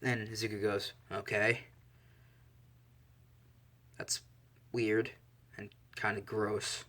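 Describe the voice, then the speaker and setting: Bright-voiced casual male storyteller. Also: on the low side, level tone, slow. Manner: rambling, self-correcting with fillers. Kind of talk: casual fan-fiction narration.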